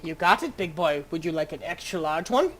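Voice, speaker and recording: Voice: medium pitch, expressive, fairly quick, crowd noise, natural voice. A game master voicing a bustling, motherly middle-aged woman cook who fusses over her guests. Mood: doting. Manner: doting, pushy hospitality.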